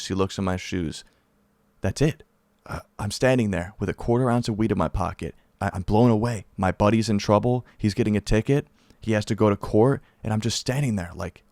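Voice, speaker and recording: A young American man vlogging in a casual storytelling style, animated and profane, repeating lines for emphasis. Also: on the low side, fairly quick, no echo, studio quality. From United States.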